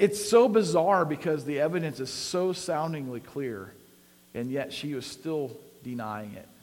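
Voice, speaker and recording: A man's voice: mid-range voice, a little mellow. Chatty preacher man in a reverberant hall. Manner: conversational, builds to emphatic peaks with frequent fillers. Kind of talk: sermon.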